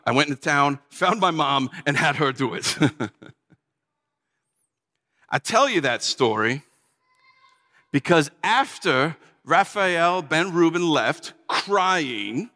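A man delivering a dramatic first-person sermon, telling the story in an animated, exclamatory way. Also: on the high side, takes it slowly, pauses often, big-room sound. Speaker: preacher.

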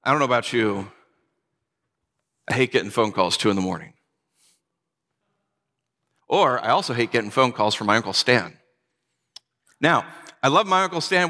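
A man in his forties preaching a sermon, telling personal stories in a conversational way and growing quiet at sad moments. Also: medium pitch, in a large hall. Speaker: pastor.

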